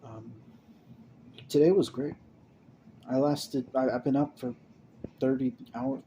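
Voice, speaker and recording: A young man talking to camera in a rambling, emotional monologue. He stammers, restarts and repeats words, swinging between mumbling and loud bursts. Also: medium pitch, fairly even intonation, takes it slowly, pauses often, slight background noise.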